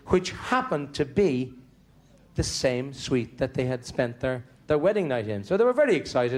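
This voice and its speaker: A man's voice: mid-range voice, darkish tone. A man with an Irish accent doing stand-up, telling chatty, rambling family stories with comic restarts. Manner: chatty, digressive, stumbling restarts for comic timing. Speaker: stand-up comedian. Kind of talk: stand-up storytelling.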